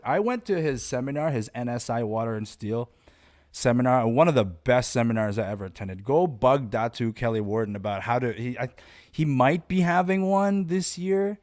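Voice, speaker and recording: A man hosting a casual podcast monologue, talking in a blunt, profane, rambling and animated way as a martial arts instructor. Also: mid-range voice.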